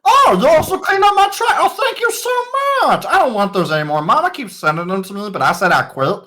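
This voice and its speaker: A woman's voice: sits high, fairly quick, voice pushed up, full character voice. A woman playing a dim, gushing boy-king. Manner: fawning, excitable, childishly grateful. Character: dim, boastful, gushing young male self-made king.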